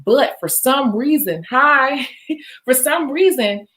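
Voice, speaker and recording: A woman's voice: high voice, animated, takes it slowly, fairly bright tone. A woman teaching nail techs in a casual, chatty coaching tone, acting out a salon appointment with a client. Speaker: nail tech educator. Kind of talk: instructional chat with role-play demo.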